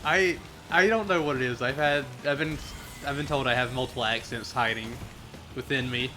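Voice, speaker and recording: A man from the American South rambles through a casual gaming livestream, answering chat messages between stories. His voice is bright and forceful at an everyday pitch, and he laughs often. Faint game music plays underneath. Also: normal speed. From Southern United States.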